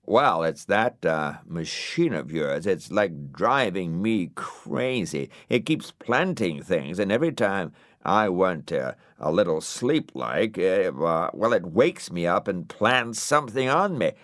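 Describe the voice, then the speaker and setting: A man's voice: low-pitched, big pitch swings, takes it slowly, hardly any pauses, fairly bright tone, no echo, clean studio sound, heavily acted. A man voicing a drowsy, laid-back male hippie rabbit in a storybook audiobook, drawling with lots of "man" and "like". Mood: sleepy grumbling. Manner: dreamy drawl full of "man" and "like". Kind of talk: storybook character voice.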